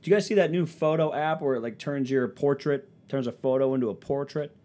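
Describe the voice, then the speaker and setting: A man's voice: medium pitch, fairly quick, dark tone. A young man with a stuffy nose from allergies, rambling through a sarcastic, profanity-laced comedic monologue. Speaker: vlogger.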